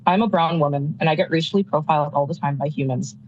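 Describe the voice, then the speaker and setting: A woman's voice: sits low, quick pace, darkish tone, muffled recording. A young woman from California, a student, giving a firm and indignant public comment over a call. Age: young adult. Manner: firm, indignant, prepared remarks.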